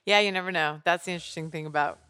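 A man co-hosting a casual podcast chat about stand-up, giving quick backchannel replies and laughing along. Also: fairly high pitch, steady tone, bright, forceful tone, clear, resonant tone, dry recording, studio quality.

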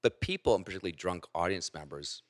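Man, comedian, very deep voice, dry close sound, casual storytelling chat, animated. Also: fast, no echo. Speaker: stand-up comedian.

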